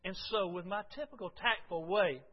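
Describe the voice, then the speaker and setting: A man preaching a folksy, storytelling sermon to his congregation, swinging from loud to hushed. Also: high-pitched, moderate pace, muffled recording. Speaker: pastor.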